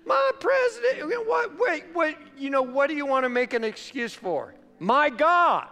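A man voicing a panicky, fearful person who whines and makes excuses in a high, strained voice. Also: big pitch swings, normal speed, creaky, sharp tone, full character voice. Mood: whining. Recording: long hall reverb, faint music.

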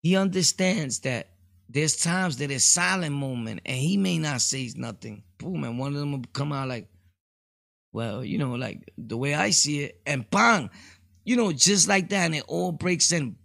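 Gravelly, rambling New podcaster. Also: male voice, fairly high pitch, a bit bright, no echo, clean studio sound. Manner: rambling, laughing asides, street slang. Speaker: podcast host. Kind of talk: casual solo podcast commentary.

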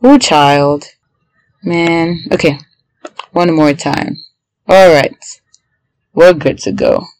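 A young adult woman, a PhD student and podcaster, talking in a casual video diary. She sounds anxious and excitable and often breaks into prayerful exclamations. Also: fairly low pitch, takes it slowly, pauses often, no room sound, poor audio.

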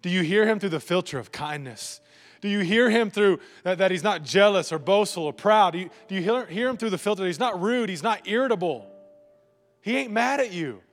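A man's voice: sits high, animated, fairly quick, soft background music. A male pastor preaching a live sermon in church, joking and asking the congregation rhetorical questions. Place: church sanctuary before a congregation.

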